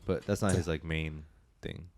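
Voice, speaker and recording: A man's voice: a bass voice, steady tone, moderate pace, darkish tone, dry recording. A man co-hosting a movie podcast, chatting casually with a joking, rambling manner and big swings in energy. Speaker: podcast co-host. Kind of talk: casual chat.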